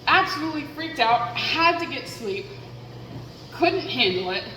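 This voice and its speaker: A woman's voice: sits high, lively intonation, a little slow, bright, forceful tone, echoey room, long reverb tail, slight background noise, poor audio. A woman vlogging into a headset mic, rambling candidly and poking fun at herself as she thinks aloud. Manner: chatty, self-deprecating, thinks aloud.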